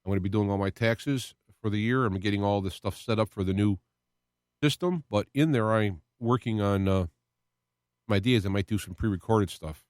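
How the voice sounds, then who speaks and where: A man's voice: lowish voice, normal speed, dry recording, studio quality. A man hosting his own internet radio show, talking about his faith in a rambling, heartfelt way that rises and falls with emotion. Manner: earnest, rambling, with restarts and emotional swells. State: close to tears at moments. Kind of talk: personal faith talk monologue.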